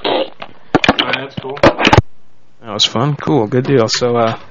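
A man's voice: medium pitch, steady tone, measured pace, highs cut off, very noisy. Brash man hosting a prank call stream. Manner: brash, joking. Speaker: prank call show host.

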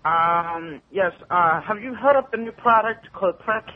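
A man making a prank call who repeats his lines deadpan. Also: high-pitched, measured pace, narrow, tinny audio. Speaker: prank caller. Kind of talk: casual radio banter.

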